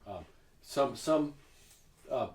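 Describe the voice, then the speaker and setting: A man narrates as game master, halting often and repeating words as he goes. His pitch sits in the middle range, and he sounds distant in an echoey room with faint hiss behind him. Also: lively intonation.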